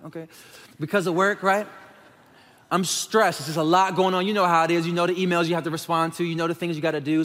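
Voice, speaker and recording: Speaking from a stage microphone in a sanctuary, a thirties-aged pastor talks frankly and conversationally to his congregation, calling them "y'all." His voice sits high with a fairly bright tone, echoing with a big hall's long reverb.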